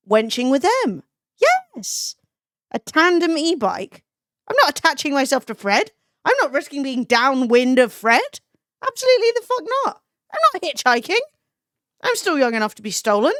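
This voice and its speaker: A woman's voice: high voice, a bit bright, no room sound, studio quality. A young woman live-streaming, chatting casually with her chat, swearing freely and laughing often.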